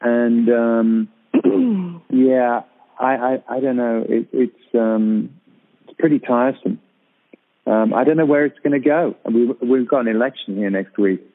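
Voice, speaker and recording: A man chatting on a radio show from abroad, talking haltingly with many fillers and restarts. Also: mid-range voice. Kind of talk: casual radio chat. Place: abroad in Britain, calling in. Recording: tinny phone-line sound on radio.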